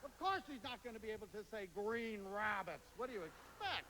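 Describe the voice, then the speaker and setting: A man giving a lively lecture to an audience, telling stories and slipping into playful voices when he quotes people. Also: sits high, brisk. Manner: animated storyteller, quotes others in playful voices. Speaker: public speaker. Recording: hall reverb, faint hiss.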